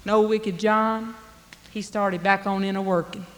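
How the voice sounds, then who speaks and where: A woman's voice: mid-range voice, steady tone, a little slow. A woman telling a folk tale in a drawling, dialect-rich way. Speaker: storyteller. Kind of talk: folk storytelling performance. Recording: long hall reverb.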